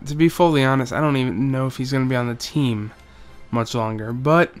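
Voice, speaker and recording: A man's voice: medium pitch, brisk, faint music behind. A young man giving casual, joking commentary over a football video game, rambling through stats and doing mock play-by-play. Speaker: gaming YouTuber.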